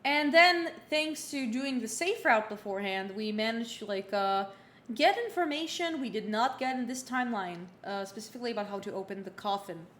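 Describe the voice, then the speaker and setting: A young streamer in her twenties, voice on the high side with lively intonation and a fairly bright tone, chats at normal speed as she recaps a game. Her casual livestream talk rambles, full of fillers and restarts. Room echo and a faint hum can be heard.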